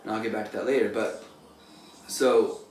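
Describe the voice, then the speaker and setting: A man's voice: on the low side, steady tone, normal speed, darkish tone. A man, a painter, giving a casual motivational talk in a loose, rambling way full of "like" and "you know", recorded from a distance in an echoey room. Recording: echoey room, distant mic, faint noise.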